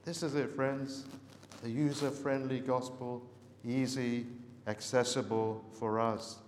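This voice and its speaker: A man preaching a sermon earnestly, repeating words for emphasis and pausing on fillers. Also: medium pitch, little pitch movement, slight background noise. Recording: echoey hall with long reverb.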